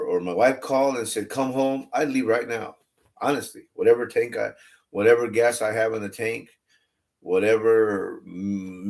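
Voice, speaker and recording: A man talking casually and candidly on a livestream about faith, rambling and restarting his phrases. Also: on the low side. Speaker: online religious streamer.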